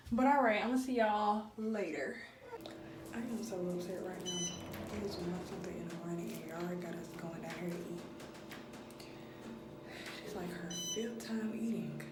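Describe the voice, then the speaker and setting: A woman's voice: fairly low pitch, normal speed, pauses often, very noisy. A woman in her twenties talking casually straight to her viewers, vlogging on a phone camera. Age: 20s. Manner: chatty, speaks straight to viewers. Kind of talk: casual vlog talk to camera. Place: restaurant and hotel, in and out of doors.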